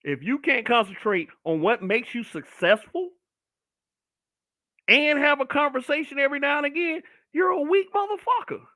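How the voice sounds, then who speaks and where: A middle-aged man hosts his own solo broadcast, ranting bluntly with lots of profanity. His voice sits high and sounds bright and forceful. It is recorded close and dry. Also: lively intonation, moderate pace, no echo. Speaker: online talk show host. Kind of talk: brutally honest solo commentary broadcast.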